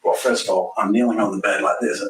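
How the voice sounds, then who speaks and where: A man's voice: lowish voice, fairly even intonation, quick pace, fairly bright tone. A man recounting events in a police interview, rambling and acting out what others said. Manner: rambling, acts out others' lines. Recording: echoey room, distant mic, faint hiss.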